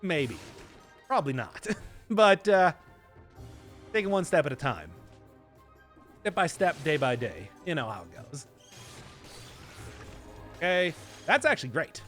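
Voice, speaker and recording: A man's voice: fairly high pitch, big pitch swings, a little slow, pauses often, a bit bright, soft background music. A young man from Wisconsin with a Midwestern accent, chatting and laughing through live game commentary with odd emphasis on words. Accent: Midwestern American. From Wisconsin, USA. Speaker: game streamer.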